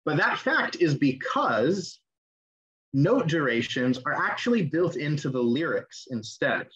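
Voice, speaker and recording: A man's voice: fairly high pitch, sing-song, measured pace, fairly bright tone. A young man teaching an online class, explaining in a casual way with fillers and restarts. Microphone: video call. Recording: dull lo-fi audio.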